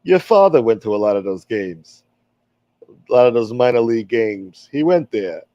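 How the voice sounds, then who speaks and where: A man putting on a gruff old-school mobster who keeps calling himself a gentleman, menacing yet mock courteous. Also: mid-range voice, animated, moderate pace, no room sound, lo-fi sound, natural voice. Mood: boastful.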